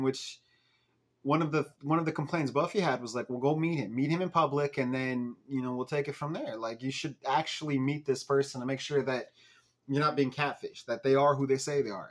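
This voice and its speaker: Animated young man recapping a show. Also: mid-range voice. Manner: animated, swearing, laughing at the plot. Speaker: podcast host recapping an episode. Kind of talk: casual recap chat.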